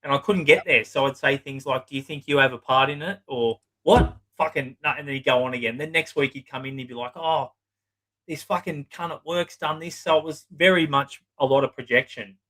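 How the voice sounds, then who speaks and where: Speaking a little fast in a bright, forceful, medium-pitched voice, a middle-aged psychotherapist guest shares stories about clients in a casual interview. He's blunt, swears a lot and often mimics what people told him, all on a rough recording.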